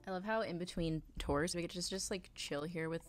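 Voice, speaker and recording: A woman's voice: on the low side, brisk, faint music behind. Gushing, playful woman streamer. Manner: gushing, playful, dramatic reactions. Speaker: game streamer. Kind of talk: live-stream commentary.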